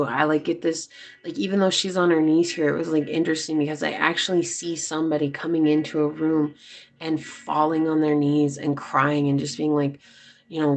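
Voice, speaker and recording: Tarot reader, casual spoken reading, gravelly fry, rambling and chatty. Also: medium pitch, level tone, normal speed. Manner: chatty, loose, full of fillers.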